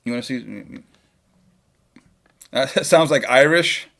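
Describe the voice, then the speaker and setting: A man's voice: mid-range voice, slow pace, creaky, a bit bright. A young man chatting casually and joking while he reacts live to a football match on a home stream. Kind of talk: live match watchalong chat.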